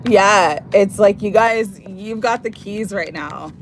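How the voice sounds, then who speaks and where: A woman's voice: medium pitch, slow pace, a little hiss or hum. A woman giving a live-streamed tarot reading, effusive and emotional, at times close to tears. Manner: emotional, effusive, gets teary. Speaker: tarot reader.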